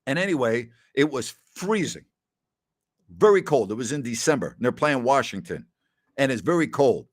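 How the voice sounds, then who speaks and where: A middle-aged man hosts a casual question-and-answer session, his voice sitting at a middling pitch. He rambles warmly through anecdotes, acting out bits of dialogue, and keeps coming back to "absolutely". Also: sing-song, moderate pace. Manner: chatty, tells anecdotes with quoted dialogue, often says "absolutely". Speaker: host answering listener questions. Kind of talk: casual Q&A storytelling.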